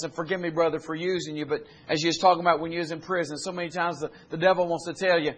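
A man preaching a sermon, retelling scripture in plain folksy speech and building to loud, climbing exhortation. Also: on the high side, steady tone, rapid-fire, hardly any pauses.

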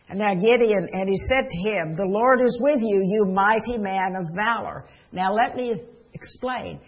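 A woman's voice: mid-range voice, low-quality recording. A woman preaching a sermon, telling stories earnestly and retelling scripture and quotes.

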